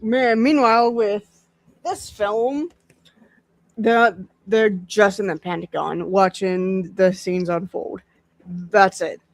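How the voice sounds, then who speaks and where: A man chatting casually on a podcast, talking haltingly with many fillers and restarts. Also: sits high, steady tone, vocal fry, dry recording. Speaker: podcast host. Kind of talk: casual chat.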